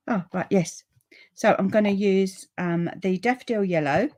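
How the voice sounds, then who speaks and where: A friendly woman talks viewers through a card project on a live stream from a room in her home. Her voice sits at an ordinary middle pitch, and her chat wanders in loose, rambling asides while she reads comments aloud. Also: measured pace, darkish tone. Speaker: papercraft demonstrator.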